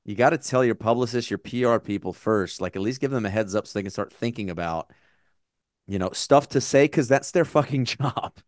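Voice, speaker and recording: A man co-hosting a casual movie review podcast, ranting and swearing with animated exasperation. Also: medium pitch, a little fast, dry recording, studio quality. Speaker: podcast co-host.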